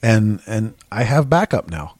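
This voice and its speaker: A man in casual podcast banter, loud, profane and jokey, laughing often. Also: lowish voice, sing-song, unhurried, slightly rough, dry recording. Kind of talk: casual chat.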